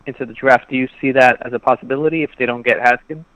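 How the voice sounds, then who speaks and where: Fast-talking casual male caller. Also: mid-range voice, fairly even intonation, fairly bright tone, no echo, low-quality recording.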